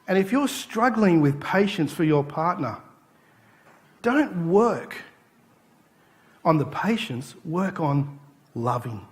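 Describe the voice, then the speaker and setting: A man's voice: on the high side, takes it slowly, long pauses. A man preaching a sermon in a church, telling stories and acting out the people in them. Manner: animated storytelling, acting out quoted voices. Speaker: pastor.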